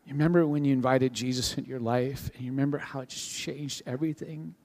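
A male pastor giving a sermon to his congregation in a conversational, animated way, with frequent restarts. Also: medium pitch, quick pace. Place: church sanctuary with a live congregation. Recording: long hall reverb.

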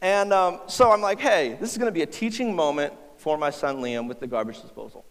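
High-voiced man preaching in a hall. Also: lively intonation, fairly quick, fairly bright tone. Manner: humorous, conversational, talks to the audience. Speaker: pastor. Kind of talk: sermon with personal stories. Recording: hall reverb.

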